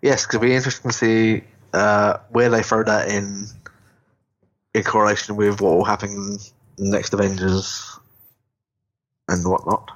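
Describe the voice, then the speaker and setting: A man's voice: on the low side, level tone, normal speed, pauses often. A man co-hosting a casual podcast chat, rambling and restarting his sentences often. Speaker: podcast co-host. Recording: dull lo-fi sound.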